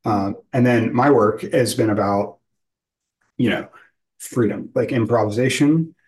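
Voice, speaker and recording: A man's voice: fairly low pitch, unhurried, a little mellow, poor audio. A man interviewing a guest, talking loosely and searching for words, with many fillers. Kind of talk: casual conversational interview.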